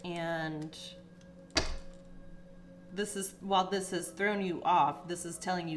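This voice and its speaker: A woman's voice: fairly even intonation, slow, over music. A woman giving a casual, emotional spiritual tarot reading, chatty with many fillers and sometimes teary. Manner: emotional, gets teary and pitch rises. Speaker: tarot reader.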